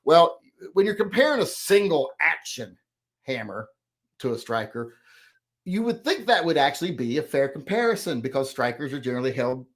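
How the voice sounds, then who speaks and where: Rambling middle-aged man reading comments. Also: mid-range voice. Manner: rambling, self-correcting, plain-spoken. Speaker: host. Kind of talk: casual chat reading viewer comments.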